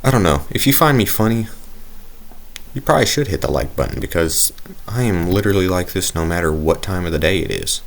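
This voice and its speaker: A man's voice: deep voice, animated, fairly quick, gravelly, slight background noise. A man giving casual, rambling, jokey commentary while playing a video game. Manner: rambling, jokey, self-mocking. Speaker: gaming video creator.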